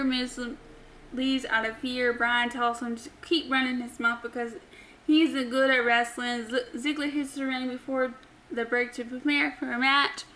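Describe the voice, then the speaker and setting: A woman's voice: high-pitched, sharp tone, slight background noise, low-quality recording. A woman casually recapping a wrestling episode for her channel, chatty, with many ums and offhand opinions. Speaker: wrestling show recap host.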